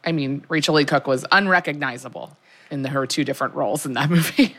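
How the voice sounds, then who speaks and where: Low-pitched woman in her 30s, podcast co-host, quick wry comebacks. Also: fairly bright tone. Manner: reactive listener, short wry interjections. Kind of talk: casual chat.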